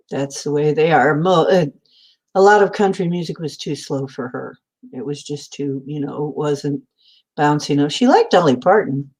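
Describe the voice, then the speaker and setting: A woman's voice: low-pitched, a little mellow. A woman hosting a casual chat, meandering and chatty with many fillers. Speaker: host.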